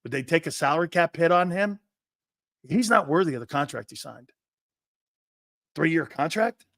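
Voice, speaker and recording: A man's voice: a little high, expressive, normal speed, vocal fry, fairly bright tone, no room sound, clean studio sound. A man hosting a sports talk show, giving a brash, profane monologue that acts out overheard conversations.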